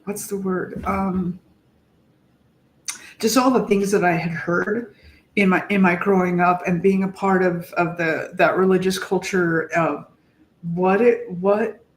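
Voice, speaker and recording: A woman co-hosting a podcast, talking in a casual, heartfelt way, reflective and halting as she searches for words. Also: lowish voice, steady tone, slight background noise. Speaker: podcast co-host. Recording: echoey room.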